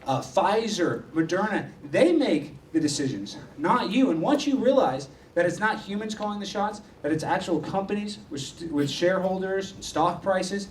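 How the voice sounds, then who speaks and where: A man giving a provocative live speech in a university lecture hall, with a mocking tone that swings from loud rants to mutters. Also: sits high, expressive, normal speed, hardly any pauses, slight background noise. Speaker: guest speaker. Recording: echoey hall, distant mic.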